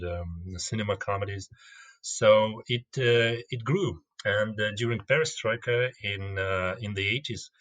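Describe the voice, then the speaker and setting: A man with a Russian accent, a guest comedian in a casual interview, speaking in a measured way as he searches for words. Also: lowish voice, a bit bright.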